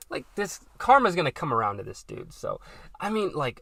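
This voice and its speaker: A man's voice: a little high, very animated, fairly quick, creaky, fairly bright tone, no echo. A young man hosting a podcast, telling a rambling story about a job gone wrong, full of fillers and exasperated venting. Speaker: podcast host. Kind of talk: casual storytelling rant.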